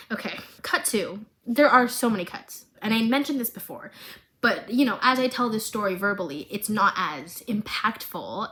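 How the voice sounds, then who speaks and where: Bright, animated young woman vlogger. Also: mid-range voice, normal speed. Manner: animated, dramatic, laughing asides. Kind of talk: chatty TV recap.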